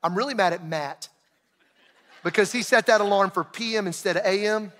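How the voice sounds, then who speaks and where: A middle-aged man preaching a sermon, telling a personal story in an animated way and acting out shouted quotes. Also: high voice, moderate pace, a little hiss or hum. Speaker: pastor. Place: large church auditorium. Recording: long hall reverb.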